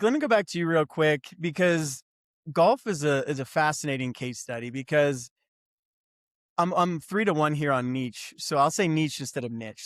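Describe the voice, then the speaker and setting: A man's voice: a little high, no echo, clean studio sound. A man hosting an interview, affirming his guests and thinking aloud with restarts. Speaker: podcast host. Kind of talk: conversational interview.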